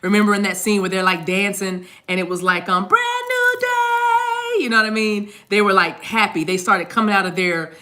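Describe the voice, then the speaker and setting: A woman talks through a tarot reading in a loose, rambling way, circling back and repeating herself as she goes. Her voice is bright and forward. She speaks casually and addresses viewers directly. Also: mid-range voice, steady tone, a little fast, few pauses. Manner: chatty, rambling, repeats words, sings snatches of songs. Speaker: tarot card reader.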